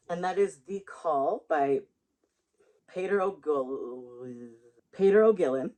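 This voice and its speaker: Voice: medium pitch, lively intonation, slow, darkish tone, low-quality recording. A book vlogger chatting casually to camera in a rambling way, often laughing at their own jokes, recorded on a built-in camera mic.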